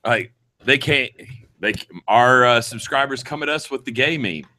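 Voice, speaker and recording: A man with a Georgia accent from the US South hosts a casual panel chat as a podcast host. His voice is medium-pitched and sharp at a moderate pace, and he's blunt and profane, with frequent ums.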